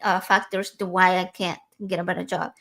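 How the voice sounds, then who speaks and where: A woman's voice: fairly low pitch, flat delivery, fairly quick, creaky, fairly bright tone. A woman talking earnestly and personally in a casual podcast conversation, with frequent fillers and restarts.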